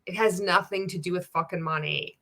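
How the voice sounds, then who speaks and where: A woman's voice: fairly low pitch, steady tone, brisk, bright, forceful tone. A woman from Canada hosting a reaction video, talking in casual, sarcastic commentary full of swearing and laughter. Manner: profane, sarcastic, laughing often.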